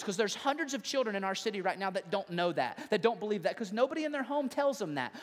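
A man pastor preaching a sermon, building from quiet questions to rising appeals. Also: sits high, sing-song, quick pace, hardly any pauses, in a large hall. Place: church sanctuary.

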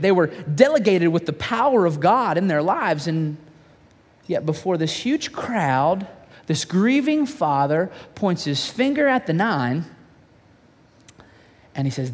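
Animated preacher man in a reverberant hall. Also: high-pitched. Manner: dramatic storytelling, acting out voices, dropping to hushed whispers. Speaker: pastor. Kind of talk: sermon.

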